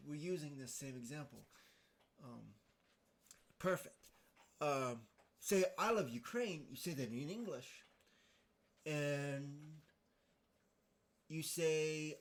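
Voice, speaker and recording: Man musing aloud with frequent fillers. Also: a little high. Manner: hesitant, many fillers and restarts, thinking aloud. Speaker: podcast host. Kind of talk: casual explanatory monologue.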